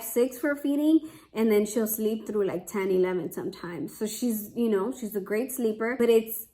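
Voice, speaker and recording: A young woman, a mother, chatting casually to camera, with a lot of "like" and restarts. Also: mid-range voice. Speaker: vlogger, mother.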